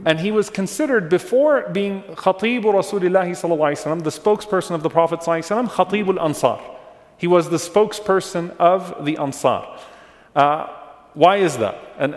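A man's voice: fairly high pitch, fast. A man giving a religious lecture on early Islamic history, explaining patiently, repeating names and checking in with his listeners. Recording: long hall reverb.

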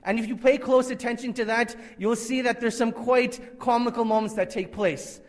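A man's voice: extremely high pitch, fairly even intonation, moderate pace, in a large hall. A man giving an Islamic conference lecture, emphatic and repetitive, with Arabic religious phrases woven in. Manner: emphatic, repeats key phrases for effect.

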